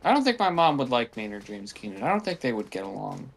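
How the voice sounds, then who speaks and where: A man's voice: medium pitch, big pitch swings, fast, creaky, slight background noise. A man chatting casually beside a gameplay session, rambling through childhood stories. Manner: rambling storyteller. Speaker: co-host. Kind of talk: casual chat.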